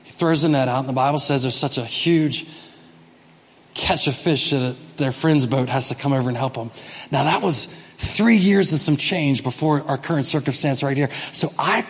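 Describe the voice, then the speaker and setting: A man preaching a sermon, acting out the story and swinging from quiet asides to shouted lines. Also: fairly high pitch, big-room sound. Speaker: pastor.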